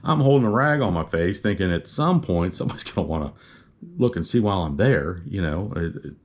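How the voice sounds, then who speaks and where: A man's voice: sits low, animated, fairly quick. A man telling a personal story in a casual, rambling, good-humored way, full of "uh" and "you know".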